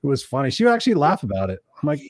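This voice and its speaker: Man in his fifties, show host, quick talker, dry close sound, casual swearing. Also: a little high, huge pitch swings, a little mellow, dry recording. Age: 50s. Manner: swears freely, joking, chatty. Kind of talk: casual live-stream chat.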